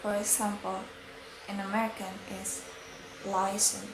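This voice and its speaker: A young woman student presenting pronunciation examples, slowly contrasting word pairs one after another. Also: mid-range voice, steady tone, reverberant, background noise. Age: young adult. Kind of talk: reading a class presentation.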